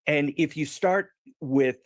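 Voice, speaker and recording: A man's voice: a little high, takes it slowly, no room sound. A man giving commentary as a guest analyst, patiently explaining things step by step through everyday analogies.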